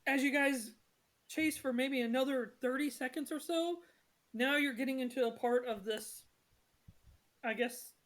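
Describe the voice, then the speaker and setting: A woman's voice: high-pitched, measured pace. A woman narrating a tabletop game session as game master, chatty and apologetic with many fillers.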